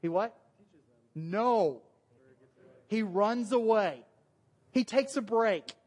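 A man with a Southern US accent preaching a sermon to a church group in a relaxed, conversational, joking way. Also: high voice, drawn-out words, long pauses, long reverb tail. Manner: joking, conversational, self-deprecating. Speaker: pastor. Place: church meeting room.

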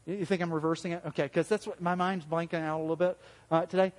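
High-voiced man preaching in a hall. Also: little pitch movement, fast. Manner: conversational, asks the congregation questions; acts out quoted voices with big pitch jumps. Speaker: pastor. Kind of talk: interactive sermon.

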